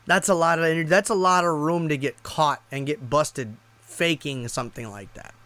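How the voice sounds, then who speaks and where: A man's voice: on the high side, moderate pace, pushed and bright. A man casually telling a personal story, rambling and profane, with lots of restarts. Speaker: YouTube streamer.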